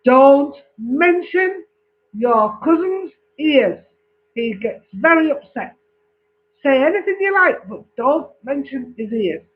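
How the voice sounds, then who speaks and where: A man puts on a stern father giving his son a solemn warning. The voice sits high and unhurried. It comes through a thin, phone-like recording. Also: big pitch swings, heavily acted.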